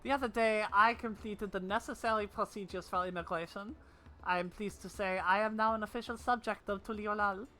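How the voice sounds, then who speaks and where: Woman doing a gentle British goldsmith girl. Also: medium pitch, fairly even intonation, a little fast, lightly acted, poor audio. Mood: solemn. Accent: put-on British. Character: polite earnest young goldsmith woman.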